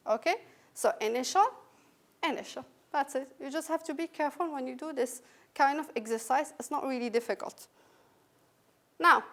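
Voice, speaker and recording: A woman with a high, light voice and a French accent walks students through English sounds. She is patient and careful, repeating each example word slowly and clearly. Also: a bit bright. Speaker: English teacher. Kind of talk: recorded phonetics lesson.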